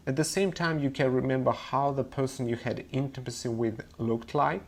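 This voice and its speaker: A man teaching English pronunciation in a webinar, laying out his principles one by one in an explanatory way. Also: mid-range voice. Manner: methodical, explanatory, lists principles step by step. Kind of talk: webinar lecture.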